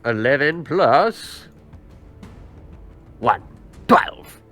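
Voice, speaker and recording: A man playing a tabletop game who talks excitably and swears freely. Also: mid-range voice, extremely slow, faint music behind. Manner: excitable, swears, rises from calm to loud. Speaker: player.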